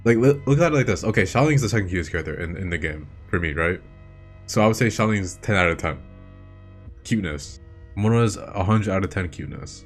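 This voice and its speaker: A man's voice: low voice, animated, brisk. A young man hosting a video with enthusiastic casual commentary, swearing often and repeating himself as he talks. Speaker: video host. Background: faint game music.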